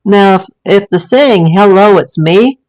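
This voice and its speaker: A woman's voice: mid-range voice, a little slow, a little mellow, low-quality recording. A woman hosting a casual livestream from a room at home, talking in a rambling, chatty way with many fillers. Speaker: livestream host. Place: home room with a green screen and ring light.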